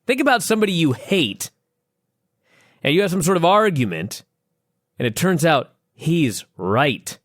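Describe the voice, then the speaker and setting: Lively, profane man co-hosting a podcast. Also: on the high side, a little slow, pauses often, no room sound, studio quality. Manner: animated, profane, joking. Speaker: podcast co-host. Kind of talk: casual chat.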